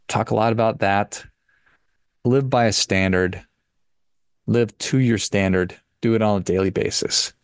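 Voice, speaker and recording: A man's voice: fairly low pitch, creaky, dry recording, clean studio sound. A man hosting a personal finance podcast who gives a casual motivational talk in an emphatic, preachy way and repeats his points.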